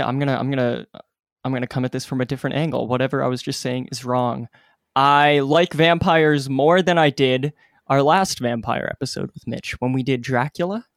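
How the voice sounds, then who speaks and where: Male co-host, smooth resonant voice, dry close mic, hesitant self-correcting chat. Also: mid-range voice, normal speed, no echo. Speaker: podcast co-host. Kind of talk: casual podcast chat.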